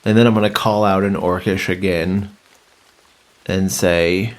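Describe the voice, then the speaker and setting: Man tabletop player, slow halting talk, lowish voice, rain noise behind. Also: fairly even intonation. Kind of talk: playing a character at a tabletop game.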